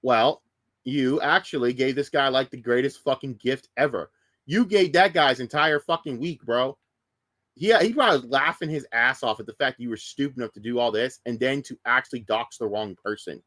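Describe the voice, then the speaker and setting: Casting: a streamer guy in a heated, swearing rant, mid-pitched voice, dry close-mic sound. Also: normal speed, fairly bright tone, no echo. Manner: profane, heated, sarcastic. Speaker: streamer reacting to news. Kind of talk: casual ranting commentary.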